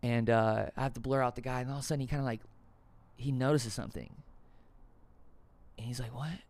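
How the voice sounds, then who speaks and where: A man's voice: medium pitch, fairly even intonation, brisk, darkish tone. A man hosting a podcast, telling a long story in a rambling, profane, jokey way. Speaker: podcast host. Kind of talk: casual storytelling monologue.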